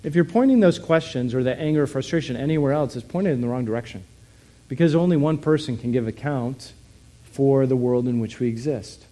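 A man's voice: medium pitch, fairly quick, warm tone. A man preaching a sermon in a conversational way, often asking his listeners questions. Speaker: pastor.

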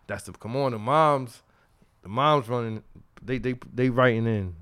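A man hosting a podcast in casual chat, reading listener emails aloud in an animated, slangy way and laughing along. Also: medium pitch, unhurried, smooth. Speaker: podcast host.

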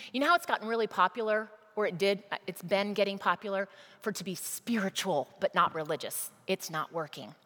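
A woman's voice: mid-range voice, a bit bright. A woman preacher giving a sermon, telling a story emphatically and addressing the congregation directly. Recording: long reverb of a large hall.

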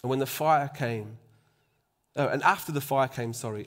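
A man's voice: mid-range voice, normal speed. A man preaching a sermon in a conversational way, often asking the congregation for agreement and dropping to a near-whisper for emphasis.

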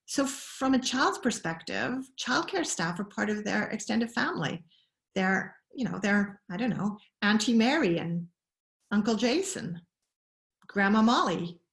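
A middle-aged woman explains her views in a conversational interview. She thinks aloud, pausing and restarting sentences as she goes. Her voice sits at an ordinary pitch, and the room around her adds a clear echo. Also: lively intonation. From Scotland. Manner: thoughtful, many restarts and pauses. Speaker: guest expert on child attachment. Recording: roomy echo.

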